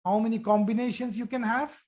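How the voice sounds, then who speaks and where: A teacher giving a live online grammar lesson, explaining slowly and repeating forms, checking with students by asking questions. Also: female voice, fairly high pitch, steady tone, a little mellow. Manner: slow, repetitive explaining, asks students questions.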